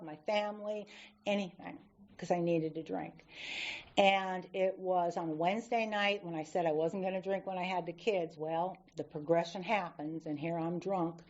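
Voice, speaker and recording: A woman speaking candidly from the podium at a recovery meeting, telling her story with lively acted-out quotes. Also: fairly low pitch. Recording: dull lo-fi recording.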